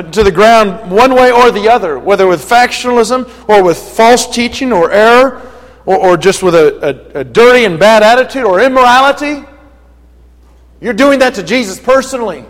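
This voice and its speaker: Give me a man preaching earnestly with forceful emphasis, his voice echoing through a big hall. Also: high voice, moderate pace. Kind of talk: sermon.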